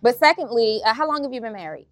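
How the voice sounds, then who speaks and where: A woman's voice: a little high, lively intonation, fast talker, no room sound. A woman on a panel asking direct, pointed questions. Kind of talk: casual panel discussion.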